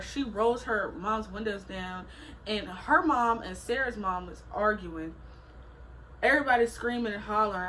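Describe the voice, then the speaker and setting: A woman's voice: medium pitch, a bit bright, slight background noise, poor audio. A young woman vlogger telling a story in a casual, slangy way, acting out what people said.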